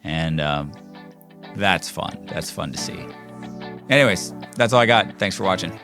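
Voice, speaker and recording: A middle-aged man, hosting a podcast and telling a rambling, animated story with lots of fillers and restarts. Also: deep voice, measured pace, music in the background. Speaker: podcast host. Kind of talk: casual storytelling monologue.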